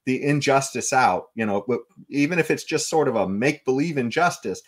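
A man's voice: medium pitch, animated, a little fast. A man co-hosting a political talk show, conversational, stammering and often laughing. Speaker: podcast co-host. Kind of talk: political commentary.

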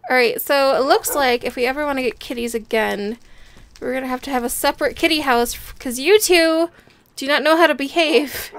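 A woman's voice: sits high, brisk, fairly bright tone. A young woman chatting playfully as she plays a building game and talks her viewers through it, laughing often. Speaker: gameplay video host. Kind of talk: casual game commentary.

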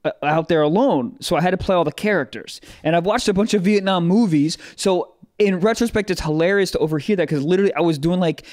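A young man co-hosting a comedy podcast, chatting casually and excitably, swearing freely. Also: high-pitched, quick pace, hardly any pauses, no echo, clean studio sound. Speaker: podcast host.

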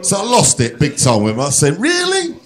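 A man's voice: medium pitch, fairly quick, heavy background noise. A British man doing stand-up, telling a story with lots of swearing and acting out the other voices, on a comedy club stage. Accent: British English. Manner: animated, swearing, acts out every voice. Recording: live comedy club, audience laughter.

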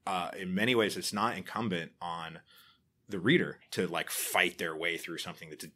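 A man's voice: deep voice, moderate pace, bright, forceful tone. A man guesting on an interview show, chatting casually and telling stories in a wry, rambling way. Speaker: podcaster guest.

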